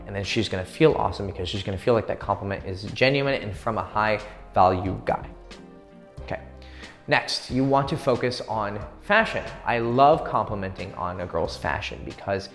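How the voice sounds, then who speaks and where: Brash, cussing dating coach in an echoey room. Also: male voice, mid-range voice, a bit bright. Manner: brash, crude and swaggering, acts out quick pick-up lines. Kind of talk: profane, direct dating advice. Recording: echoey room with long reverb and faint music.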